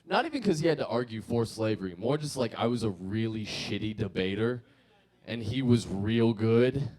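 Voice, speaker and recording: A man's voice: on the low side, animated, moderate pace, a little mellow. A young man from Savannah, Georgia, doing a rambling, self-deprecating stand-up set on a comedy club stage into a handheld mic.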